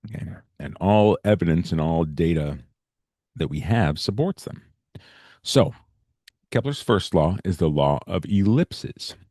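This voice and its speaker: A man's voice: low-pitched, animated, a little slow, dark tone, dry recording, clean studio sound. A male teacher giving a casual, explanatory science lecture on a video call, often checking in with "right?" and "okay?". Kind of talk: online class lecture.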